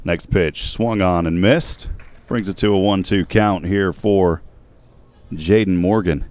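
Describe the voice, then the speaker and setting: Low-voiced man calling baseball play-by-play. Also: dry recording. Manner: steady, measured calls of each pitch. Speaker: play-by-play announcer.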